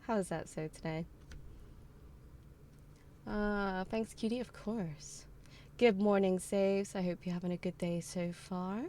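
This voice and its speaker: A woman's voice: medium pitch, lively intonation, a little slow, long pauses, a little mellow. A woman streamer in casual live-stream chat, greeting her viewers one by one and sounding tired. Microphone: streaming mic with headphones on. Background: faint chill background music.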